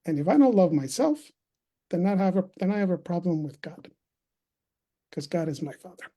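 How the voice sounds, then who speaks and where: Joining a conference by video call, a man in his thirties tells his own story as a testimony talk, sounding earnest and reflective. His dark-toned voice sits high and is expressive, moving at a normal speed.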